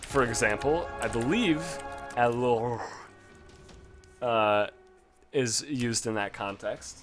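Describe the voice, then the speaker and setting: A man's voice: mid-range voice, slow pace, fairly bright tone, soft background music. A man casually rambling and swearing as he talks over his gameplay footage, poking fun at himself along the way. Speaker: gaming video host.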